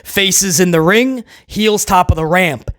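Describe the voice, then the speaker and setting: In a high, somewhat bright voice and an unhurried manner, a man rants through a casual wrestling video review. He's sarcastic, wanders off track, and keeps stammering and restarting.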